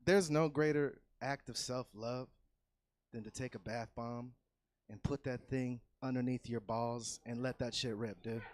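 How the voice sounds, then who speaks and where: A man doing a loose, profane stand-up set on a comedy club stage, swinging from easy chatter into loud yelled bits. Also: medium pitch, steady tone, unhurried, slight background noise. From California.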